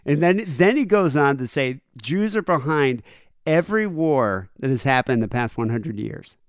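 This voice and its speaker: A man's voice: mid-range voice, moderate pace, clean tone, no echo, clean studio sound. A man co-hosting a podcast, telling a story in casual chat and acting out both sides of a conversation. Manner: animated retelling, acts out both sides of a conversation. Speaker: podcast co-host.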